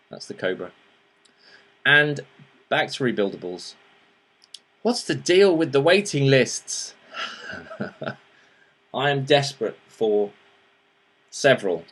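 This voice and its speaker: A man's voice: mid-range voice, a bit bright. Guy hosting a gadget review show, chatty and rambly, lots of um and uh, plain middle voice. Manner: chatty, rambling, with restarts and fillers; earnest, pleading. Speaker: host reviewing vaping gear. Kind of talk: casual show-and-tell review.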